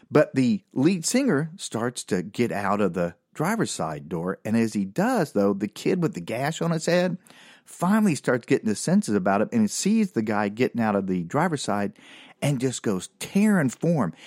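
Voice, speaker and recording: A man recounts a wild night in a loose, rambling way, chuckling at his own tale. His pitch leaps and dips lively as he goes. The sound is dry and close, with no room around it. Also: normal speed, dry recording. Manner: animated, rambling, laughs at his own story. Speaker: storyteller. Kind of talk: casual anecdote.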